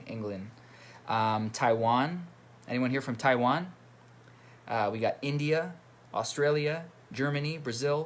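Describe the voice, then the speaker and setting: There's slight background noise behind this man's medium-pitched voice as he hosts a casual livestream as a musician from home at his computer. In a chatty way, he reads viewer comments out loud and greets each commenter.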